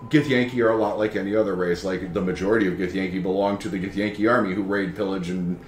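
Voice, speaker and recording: A man's voice: low-pitched, fairly even intonation, quick pace. A man narrating as game master, rambling with lots of fillers and chuckles. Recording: echoey room, faint background noise.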